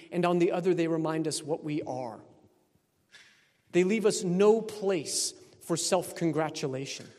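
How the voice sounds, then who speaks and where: A man's voice: a little high, darkish tone. A man from Texas, preaching a sermon as a priest in a conversational way with wry asides. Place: church. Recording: long church reverb.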